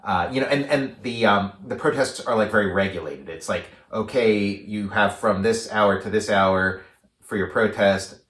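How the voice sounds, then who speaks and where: Speaking at a moderate pace in a fairly low voice, a man co-hosts a podcast and chats loosely about a movie. He meanders, leans heavily on fillers, restarts often, and performs quotes with lively flair, all in an echoey room.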